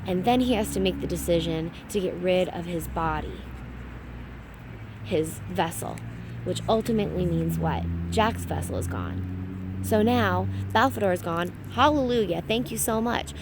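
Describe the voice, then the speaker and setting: A woman's voice: on the low side, unhurried, background noise. Chatty woman recapping a TV episode. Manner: chatty and animated, laughing at her own slips. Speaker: fan recap host. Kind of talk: casual recap chat.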